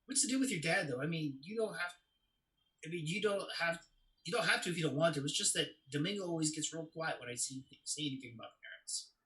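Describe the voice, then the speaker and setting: Man playing a grieving young guy, bright voice. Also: a little high, quick pace, poor audio. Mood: wry. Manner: confessional storytelling, swings to loud anguish. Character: grieving young man recalling his father's death. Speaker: actor in a play reading. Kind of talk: stage play reading.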